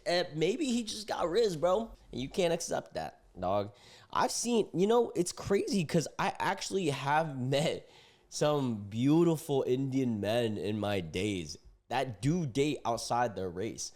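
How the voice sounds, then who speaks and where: Animated young man reacting to posts. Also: mid-range voice, unhurried. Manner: animated, indignant, slangy. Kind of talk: casual reaction commentary.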